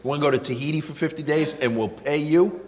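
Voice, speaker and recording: A man's voice: fairly high pitch, fast talker, darkish tone, slight background noise. Storytelling male comedian, hall reverb. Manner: anecdotal, self-mocking, acts out quotes. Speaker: comedian guest. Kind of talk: storytelling interview.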